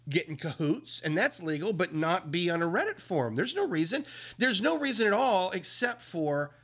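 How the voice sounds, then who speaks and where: A man hosting a livestream, talking casually with indignant, emphatic commentary that swings up and down in pitch. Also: a bit bright. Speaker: livestream host.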